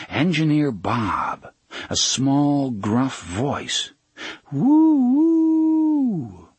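A man narrating a novel in a measured, steady storytelling manner. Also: mid-range voice, slightly rough, no room sound. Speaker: audiobook narrator. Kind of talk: scripted narration.

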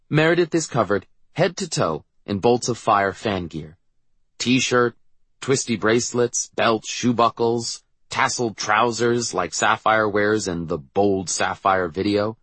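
A man narrating an audiobook in the first person, with an expressive reading. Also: fairly low pitch, unhurried, breathy edge, no echo.

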